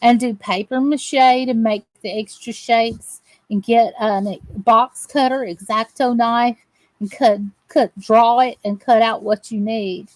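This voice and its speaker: Lady crochet host, chatty and unhurried, high voice, dry close sound. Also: steady tone, a little mellow, dry recording, poor audio. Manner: chatty, greets viewers by name. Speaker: crafting channel host. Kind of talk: live crochet chat with viewers.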